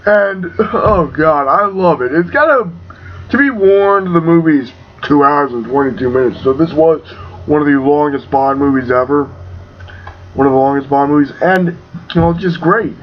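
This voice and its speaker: A man's voice: fairly high pitch, moderate pace. Casual young guy gushing about a movie, swears a lot, kinda muffled lo-fi recording w faint hiss. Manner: excitable, swears, lots of fillers. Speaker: movie reviewer. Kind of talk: casual video review.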